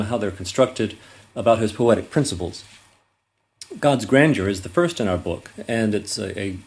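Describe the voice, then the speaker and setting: Male lecturer, slightly low pitch, unhurried classroom delivery, lots of ums and false starts. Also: a little mellow. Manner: measured, frequent ums and restarts; reads poetry aloud with raised, emphatic delivery. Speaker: literature lecturer. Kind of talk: recorded lecture.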